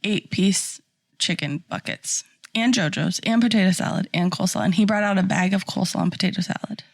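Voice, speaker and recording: A woman's voice: mid-range voice, a little fast, creaky, no room sound. A young adult woman co-hosting a podcast, telling a story animatedly and acting out the people in it. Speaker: podcast co-host. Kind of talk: casual chat.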